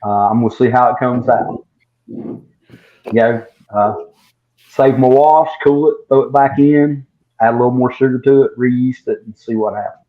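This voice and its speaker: A man's voice: medium pitch, moderate pace. A man with a drawl spins a long, rambling story in casual conversation. His voice sits mid-range and comes through a dull, lo-fi recording. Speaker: guest distiller. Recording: dull lo-fi sound.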